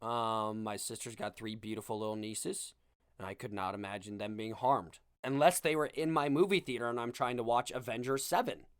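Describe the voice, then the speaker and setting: A young man hosts his podcast in a comedic monologue, sarcastic and full of self-mocking asides. His voice sits in a middle pitch. The sound is dry and close, with no room echo. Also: moderate pace, clear, resonant tone. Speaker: podcast host.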